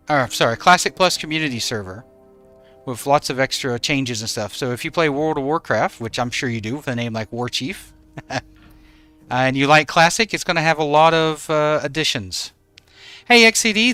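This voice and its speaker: A man's voice: on the high side, pushed and bright, smooth. A man streaming a game from home in regional Australia, easygoing as he greets and thanks viewers by name. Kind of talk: live stream chat with viewers.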